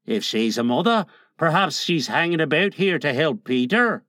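A man voicing a suspicious, gruff pirate for a storybook reading. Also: on the high side, very animated, normal speed, a bit bright, dry recording, studio quality.

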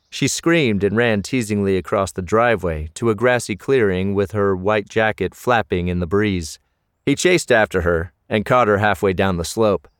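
A man narrating a novel as an audiobook, in a measured storytelling manner. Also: fairly low pitch, smooth, no room sound, clean studio sound.

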